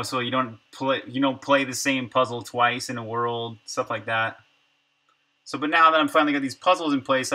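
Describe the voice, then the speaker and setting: A man's voice: medium pitch, sharp tone. A man streaming his game development work, chatting casually and thinking aloud, often trailing off and muttering numbers to himself. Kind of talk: casual livestream chat while working.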